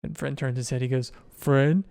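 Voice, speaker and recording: A man acting as game master, narrating a tabletop game in a relaxed, descriptive way. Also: medium pitch, fairly quick, smooth, dry recording, studio quality.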